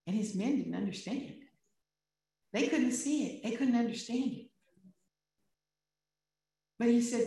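A woman's voice: on the high side, lively intonation, takes it slowly, pauses often, dark tone. A woman preaching a sermon, retelling a scripture story in plain words and asking the listeners rhetorical questions. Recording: very echoey room, distant mic.

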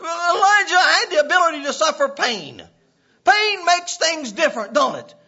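A man preaching a sermon with passion, often breaking into shouts and laughs. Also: very high-pitched, big pitch swings, moderate pace. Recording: dull lo-fi recording.

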